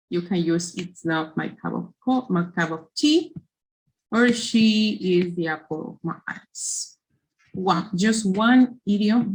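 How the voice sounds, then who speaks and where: Slow-talking woman teaching English. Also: medium pitch, low-quality recording. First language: Spanish. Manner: slow, repetitive explaining with frequent "okay". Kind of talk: classroom instructions.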